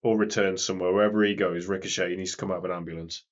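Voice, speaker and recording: A man's voice: sits low, steady tone, very fast. A man co-hosting a podcast in casual chat, chatty and fond of quizzing his co-host. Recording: dull lo-fi podcast audio.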